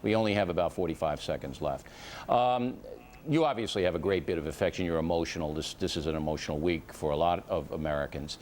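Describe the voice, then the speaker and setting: A middle-aged man hosting a TV talk show, steering guests with brisk, leading questions. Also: low voice, a little mellow, a little hiss or hum. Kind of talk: TV news interview.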